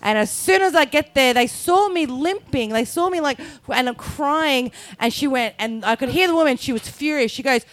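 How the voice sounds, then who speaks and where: A woman's voice: high-pitched, lively intonation, moderate pace, hardly any pauses. A woman telling a story on a comedy podcast, swearing and laughing as she acts out the voices in it. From Australia. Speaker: guest comedian. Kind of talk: casual storytelling chat.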